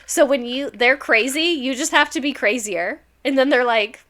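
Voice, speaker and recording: A woman's voice: high-pitched, normal speed, fairly bright tone. A young woman, a former teacher, chatting casually on a livestream, reading stories aloud, laughing often and swearing freely.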